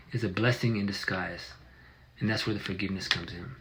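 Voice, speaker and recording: A man teaching casually on a livestream, easygoing and affectionate, with soft phrase endings and hesitant restarts. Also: deep voice, steady tone, fairly quick, a little hiss or hum, low-quality recording. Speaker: qigong teacher.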